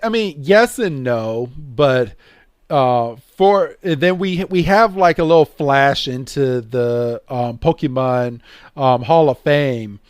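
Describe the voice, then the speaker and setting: Dude co-hosting a podcast, slow and halting, lots of ums, dry close sound. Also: male voice, mid-range voice, lively intonation, clear, resonant tone, dry recording. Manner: halting, full of fillers, laid-back. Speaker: podcast co-host. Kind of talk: casual recap chat.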